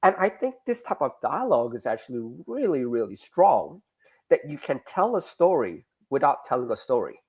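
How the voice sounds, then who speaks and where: A man being interviewed about his comics, talking in a lively, casual way with frequent restarts. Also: medium pitch, normal speed, slightly rough. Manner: animated, restarts mid-sentence. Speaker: guest comics creator.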